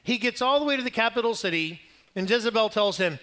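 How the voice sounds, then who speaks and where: A man's voice: high voice, fast. A man preaching a sermon, telling a Bible story in a conversational, humorous way and acting out the quoted lines. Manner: animated storytelling, acting out quotes, rising loud at climaxes.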